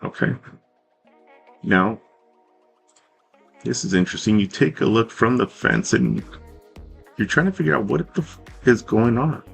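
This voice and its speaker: A man narrating a tabletop game as game master, in a relaxed, rambling way with fillers and self-corrections. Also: mid-range voice, unhurried, vocal fry, long pauses, husky, soft background music.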